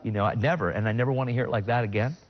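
A man's voice: rapid-fire, highs cut off. Earnest middle-aged man telling his testimony. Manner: earnest and emotional, with sudden high bursts when quoting himself. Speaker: guest sharing his testimony. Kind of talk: personal faith testimony in conversation.

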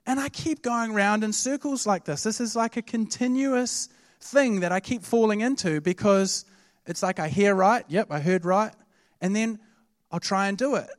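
Kiwi pastor guy preaching, chatty storytelling, pretty high voice, dry sound. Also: moderate pace, dry recording. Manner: conversational, animated storytelling. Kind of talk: sermon.

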